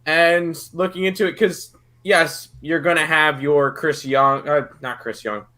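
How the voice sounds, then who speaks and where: Mężczyzna o jasnym, wyraźnym, nieco wyższym głosie omawia typy na mecze koszykówki. Mówi pewnie, ale chaotycznie, powtarzając słowa w trakcie myślenia. Brzmi jak swobodna analiza na streamie o zakładach. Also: male voice, on the high side, steady tone, a little slow, sharp tone. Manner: confident, rambling, repeats words while thinking. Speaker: betting analyst. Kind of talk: casual sports betting analysis.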